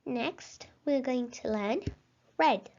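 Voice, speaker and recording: High-voiced woman teaching slow vocabulary drills. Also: noisy background. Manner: slow, encouraging, carefully pronounced. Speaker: language teacher. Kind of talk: vocabulary lesson with repeat-after-me drills. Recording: slightly dull lo-fi recording.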